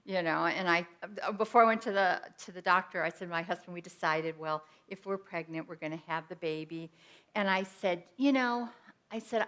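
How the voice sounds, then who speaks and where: A middle-aged woman minister preaches with a clear, bright voice. She tells personal stories in a lively way and acts out the lines of the people in them. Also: mid-range voice, normal speed. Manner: animated storytelling with quoted asides and laughter. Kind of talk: sermon.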